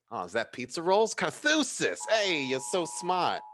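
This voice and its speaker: A man's voice: fairly high pitch, wildly swooping pitch, slow, a bit bright, voice pushed up, full character voice. A man voicing a tiny, mousy male denizen who is impatient, brash and swears a lot. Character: mousy tiny male denizen, harried, foul-mouthed boss.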